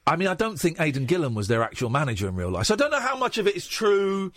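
An English man hosting a late-night phone-in show, telling stories in an animated way on a studio microphone. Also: fairly high pitch, quick pace, no echo. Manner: animated storyteller, slipping into silly voices. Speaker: radio phone-in host. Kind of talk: late-night radio chat.

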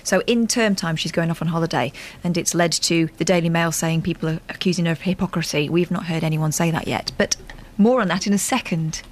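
A woman's voice: lowish voice, brisk. A woman co-hosting a radio show from England, chatting and reading out listener emails. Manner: chatty, reads out listener messages. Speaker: radio co-host. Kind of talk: casual radio banter.

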